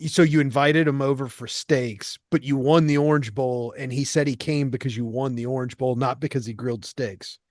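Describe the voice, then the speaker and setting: A man's voice: mid-range voice, fairly even intonation, normal speed, hardly any pauses, darkish tone, dry recording. A man from co-hosting a live sports show, chiming in with dry, teasing remarks. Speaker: podcast co-host. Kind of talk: casual sports talk.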